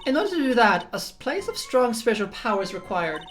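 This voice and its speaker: Jolly, complaining old nun with a bad back, done by a woman; raised pitch, big theatrical delivery. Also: very animated, fast talker, faint music behind. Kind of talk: dramatic reading of game dialogue.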